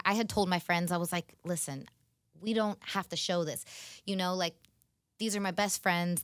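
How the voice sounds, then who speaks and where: A woman's voice: on the low side, clean tone, dry recording. Chatty woman guest in a dry studio. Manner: chatty, lots of "like" and "you know", laughs often. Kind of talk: casual interview chat. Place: radio studio.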